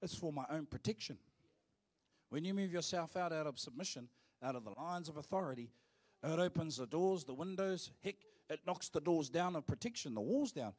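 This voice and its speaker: A man from New preaches a live sermon in church. His voice sits a little higher than most men's. He leans hard on the key words, then eases into playful asides aimed at the congregation. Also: animated, normal speed, a little mellow. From New Zealand. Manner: emphatic preaching, turns to joking asides with the congregation. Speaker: pastor.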